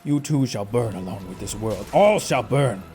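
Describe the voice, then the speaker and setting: A man doing a grim warrior's voice, pitched low and declaiming doom like a game villain. It is solemn and menacing, with faint music behind it. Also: lively intonation, normal speed, a little mellow.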